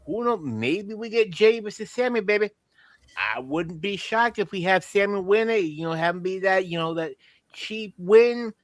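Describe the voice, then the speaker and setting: On a podcast, a man with a high voice does a lightly acted comedic impression of a boastful, rambling old Southern wrestler. Speaking at a moderate pace in a dry recording, he swaggers with a put-on Texan drawl and calls everyone baby.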